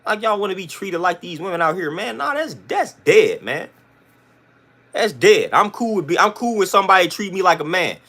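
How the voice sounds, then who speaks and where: A man's voice: high-pitched, very animated, normal speed, fairly bright tone. A man hosting a livestream, ranting to his chat in an emphatic, blunt, slang-heavy way that keeps repeating its points. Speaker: livestream host.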